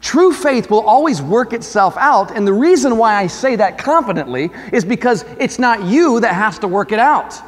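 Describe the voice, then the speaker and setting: A man's voice: high voice, very animated, moderate pace, hardly any pauses, in a large hall. A male pastor preaching a sermon in a conversational way, often asking the congregation questions. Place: church sanctuary.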